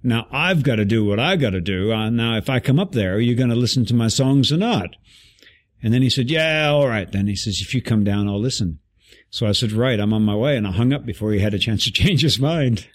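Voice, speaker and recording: A man guest telling an animated story in an interview, acting out the voices of people he quotes. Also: medium pitch, fairly quick.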